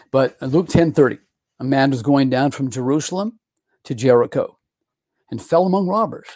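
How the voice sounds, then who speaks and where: A man's voice: medium pitch, creaky, mellow, no room sound, clean studio sound. A middle-aged man, a pastor, teaching a Bible lesson in a conversational way, often repeating and restarting words. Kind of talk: sermon-style Bible teaching.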